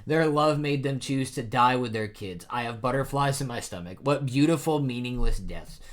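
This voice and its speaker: A man reading out the lines of a cruel, gloating male knight, slow and relishing. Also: mid-range voice, natural voice.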